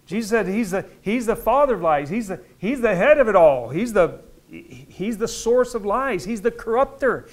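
Teaching a midweek church Bible study, this male pastor talks in a conversational way, his voice sitting high with big pitch swings at normal speed. Words get repeated, and some stretches turn loud and emphatic.

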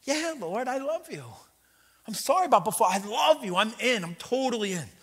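A man's voice: very high voice, very animated, moderate pace, a bit bright, slightly rough, voice pushed up, exaggerated voice. A preacher doing a flustered, eager fisherman. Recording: reverberant church hall.

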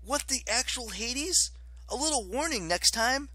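A man's voice: very high voice, expressive, a little slow, pushed and bright, no echo, voice pushed up, heavily acted. A man voicing a brash, sarcastic teenage boy in an audiobook. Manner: exclaiming, sarcastic.

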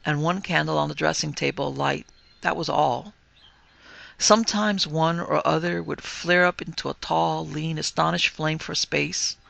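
A wry gentleman recounts his ghostly night with animated emphasis, as a man reads him. The voice is gravelly and bright, and the close recording is dry. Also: on the high side, no echo, full character voice. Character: Clayton, a wry gentleman telling his own ghost tale.

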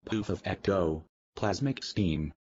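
An actor playing a bloodthirsty killer being, speaking in a flat, deadpan way. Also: male voice, deep voice, slow, dull audio. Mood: cold. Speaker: actor in a film.

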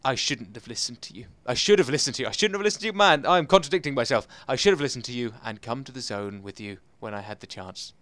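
A man doing excitable, self-mocking commentary over a video game and talking straight to his viewers. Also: medium pitch, quick pace, few pauses, no echo. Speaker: gameplay commentator. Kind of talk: let's play commentary.

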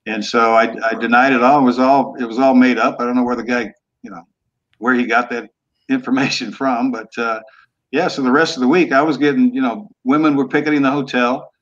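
A man's voice: mid-range voice, level tone, a little fast, a bit bright. A man in his sixties, a former quarterback, telling stories in a laid-back, blunt way with casual cussing. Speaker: guest, former football quarterback. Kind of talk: casual storytelling interview. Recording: dull lo-fi remote audio.

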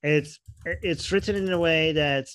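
Animated man, higher voice. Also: measured pace. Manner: animated, restarts often, laughs while talking. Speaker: guest. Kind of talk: video-call interview.

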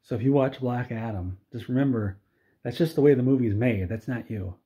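A man delivering a sarcastic comedic movie rant in a deadpan, mock-earnest way, often stumbling over his words and restarting. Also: mid-range voice, brisk. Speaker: video creator. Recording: dull lo-fi recording.

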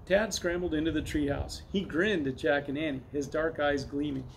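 A man reading a children's chapter book aloud as narrator, in a steady, clear way. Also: a little high, moderate pace, a little hiss or hum, low-quality recording. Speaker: reader. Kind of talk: storybook read-aloud.

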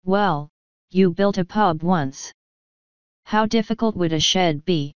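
A woman giving voice to a firm, level-headed young witch girl who speaks plainly and to the point. The voice sits low and is very smooth. The recording is dry and dull. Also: slow, no room sound. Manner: firm, matter-of-fact.

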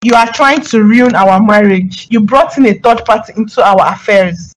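A woman's voice: mid-range voice, moderate pace, lightly acted, rough recording. A woman as an accusing angry wife. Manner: accusing, insistent. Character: wife Emily confronting her absent husband. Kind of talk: cartoon dub acting.

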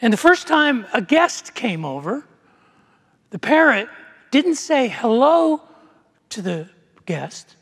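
A man's voice: extremely high pitch, sing-song, slow, pauses often, fairly bright tone, husky. A male pastor preaching a sermon in a conversational storytelling way, with frequent restarts. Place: church sanctuary. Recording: long church reverb.

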